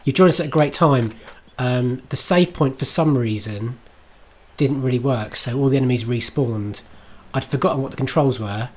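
A man's voice: mid-range voice, normal speed, darkish tone. Chatty man streaming a game. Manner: self-mocking, chatty, swears and laughs at his own play. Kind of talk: live gameplay commentary.

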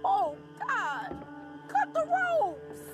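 A very high, swooping frontier wife, dramatic and sharp-tongued. Music plays loudly behind her in this western video game. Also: sing-song, moderate pace. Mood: desperate. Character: spirited frontier woman, swamp homesteader.

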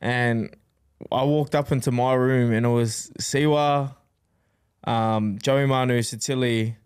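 A man's voice: medium pitch, fairly even intonation, slow, clean tone. Chatty young man. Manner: rambling storyteller, laughs often. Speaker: podcast co-host. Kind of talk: casual chat.

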